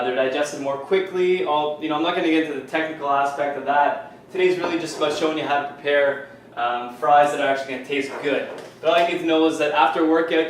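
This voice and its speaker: In his home kitchen, a fitness coach from Canada shows a recipe to camera, talking in a loose, chatty manner with many fillers such as "you know." His voice runs on the high side, and the low-quality recording has a roomy sound plus a slight hiss or hum.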